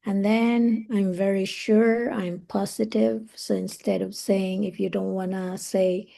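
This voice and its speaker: A woman teaching English on a live stream, relaxed and thinking aloud, slowing down on each phrase she teaches. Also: medium pitch, gravelly.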